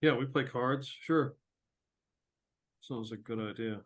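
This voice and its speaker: A man plays an easygoing male tavern patron in a tabletop game. He chats in a relaxed, agreeable way at an ordinary middle pitch. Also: measured pace, lightly acted.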